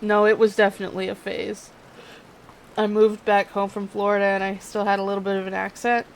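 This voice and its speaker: A young woman with a Californian accent and a hint of southern drawl reads tarot cards in an easygoing, chatty way. She teases herself, stretches her words out slowly, and sits in a mid-range voice over a faint wash of ambient noise. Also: medium pitch, completely flat delivery, creaky, rough recording. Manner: chatty, self-mocking, drawn-out words. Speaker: tarot reader. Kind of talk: casual tarot reading chat.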